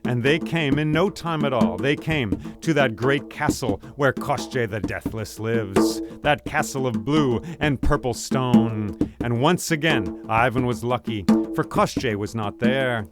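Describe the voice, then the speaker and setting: A man's voice: mid-range voice, measured pace, few pauses. A man telling a folktale aloud as a storyteller, vivid, rhythmic and dramatic. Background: drum music.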